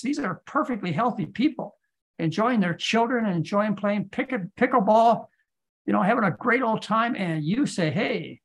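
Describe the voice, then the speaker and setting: A man's voice: sits high, fairly bright tone. A man who is a physician, giving lecture-style answers in a podcast Q&A and pressing his points with insistent rhetorical questions. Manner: emphatic, hammering rhetorical questions.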